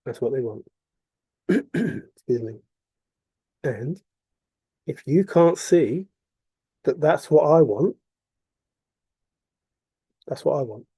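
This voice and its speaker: A man's voice: fairly high pitch, expressive, slow pace, pauses often, dark tone, slightly rough, no room sound. A man delivering an impassioned, repetitive monologue full of rhetorical questions. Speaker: vlogger.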